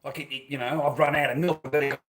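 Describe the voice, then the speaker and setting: A man's voice: mid-range voice, steady tone, racing, fairly bright tone. Rambling, swearing Australian man. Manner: swears a lot, tells stories with repeated phrases. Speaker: vlogger. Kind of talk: casual rambling monologue.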